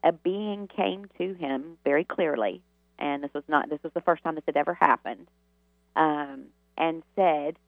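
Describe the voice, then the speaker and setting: A woman's voice: deep voice, unhurried, dry recording. A woman from the Southern United States, a guest telling long, rambling stories with many fillers and restarts. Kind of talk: storytelling interview answers. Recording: tinny phone line.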